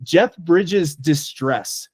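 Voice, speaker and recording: A man's voice: a little high, drawn-out words, husky, no room sound, clean studio sound. A man co-hosting a casual movie podcast, talking enthusiastically and rambling with lots of fillers. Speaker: podcast co-host. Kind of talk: casual movie review chat.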